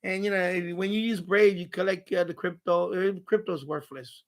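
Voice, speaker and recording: A man's voice: high-pitched, steady tone, moderate pace. A man hosting a home live stream from his radio room, rambling and ranting with profanity and mocking asides.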